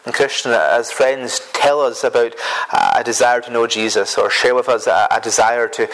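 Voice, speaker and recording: A man's voice: mid-range voice, normal speed, a bit bright, poor audio. Earnest male preacher mid-sermon. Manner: earnest, repetitive, stumbles on words.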